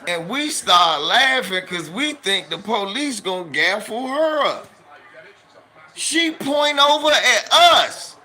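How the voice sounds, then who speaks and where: Bright-voiced D.C. man telling a story. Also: high voice, sing-song, takes it slowly. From Washington, D.C. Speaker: podcast guest. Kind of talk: animated storytelling.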